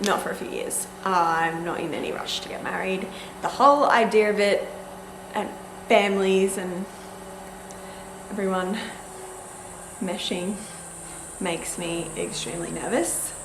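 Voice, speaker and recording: A woman's voice: lowish voice, a little slow, long pauses, noisy background. Young aussie woman yapping to camera, lots of likes, echoey room. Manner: chatty storytelling, many likes, acts out quotes. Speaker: vlogger. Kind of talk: casual chat to camera.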